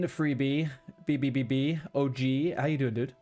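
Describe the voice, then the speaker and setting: A man's voice: mid-range voice, fairly even intonation, moderate pace, dark tone, soft background music. Ranting streamer guy. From London, England. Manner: chatty, ranting, swears freely. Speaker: livestreamer. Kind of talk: casual chat with viewers. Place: home room with a blue wall.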